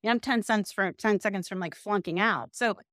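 A woman's voice: mid-range voice, a little fast, no echo, clean studio sound. A middle-aged woman from California, a guest telling a story in an interview, chatty and self-deprecating. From Pasadena, California. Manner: chatty, self-deprecating, animated quoted asides. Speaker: podcast guest, business owner.

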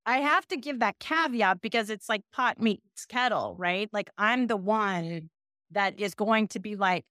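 A middle-aged business owner from Pasadena, California, guests on a podcast and tells a story in a chatty, self-deprecating way with animated quoted asides. She speaks unhurriedly in a medium-pitched voice, recorded cleanly in a studio with no echo.

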